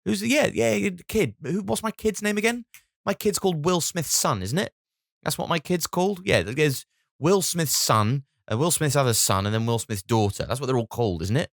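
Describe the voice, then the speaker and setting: Casting: comedian doing a shrill, puffed-up movie star impression, squeaky and loud, self-absorbed and clueless. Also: male voice, animated, moderate pace, gravelly, no room sound, clean studio sound. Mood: oblivious boasting.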